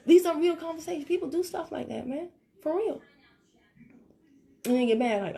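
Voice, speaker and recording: Southern lady ranting on a live stream, gravelly voice, kinda high, joking and blunt. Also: expressive, normal speed, mellow. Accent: Southern American. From American South. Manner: sassy, joking, talks straight to viewers. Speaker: network marketing team leader. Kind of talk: casual live-stream talk. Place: home, live video.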